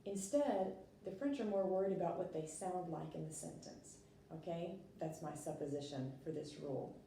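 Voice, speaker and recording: A woman walks students through a lesson, patient and full of little fillers. Her voice is dark and mellow. She sits back from the mic in a very echoey room with a faint hiss underneath. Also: on the low side, normal speed, creaky, distant mic. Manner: patient, explains step by step with fillers. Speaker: French teacher. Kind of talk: recorded classroom lesson.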